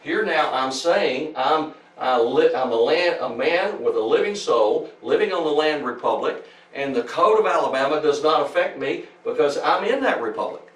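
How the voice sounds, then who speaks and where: A man's voice: medium pitch, a bit bright. A man giving a lecture and reading out legal statements, talking emphatically and often restarting his sentences. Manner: repetitive, emphatic, frequent restarts. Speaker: speaker at a public talk. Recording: echoey room, voice from far off.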